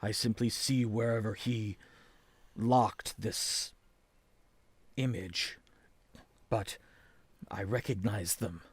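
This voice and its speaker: A man voicing a troubled hermit who speaks in a halting, hushed way, with a lower voice than his own. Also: slightly rough, no echo. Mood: hushed, solemn.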